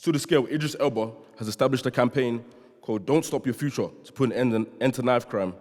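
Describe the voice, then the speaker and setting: A young man with a London English accent, Nigerian by birth and from London, speaks with a medium-pitched, darkish voice at a quick pace. He's a student speaker giving a sincere prepared speech in a large chapel, joking with listeners now and then. The recording has the long reverb of a chapel hall.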